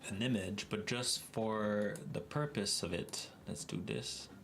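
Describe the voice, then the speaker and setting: A man with a Québécois accent hosts a casual livestream and speaks at an unhurried pace, laughing often as he answers chat. His first language is French, and a faint hiss of noise sits behind his voice. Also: lowish voice, gravelly, fairly bright tone. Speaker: livestream host.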